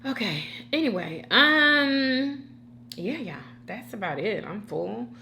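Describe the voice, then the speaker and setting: A woman's voice: a little high, slow pace, slight background noise. A woman hosting a mukbang at home, chatting casually and talking straight to her viewers. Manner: chatty, animated, addresses viewers directly. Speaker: mukbang host. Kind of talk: casual chat while eating.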